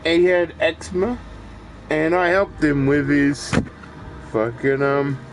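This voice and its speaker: A man's voice: on the high side, slow pace, poor audio. A man, chatting casually and rambling while he plays a video game, swearing freely and often restarting his sentences. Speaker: gaming streamer. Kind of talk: casual chat while gaming.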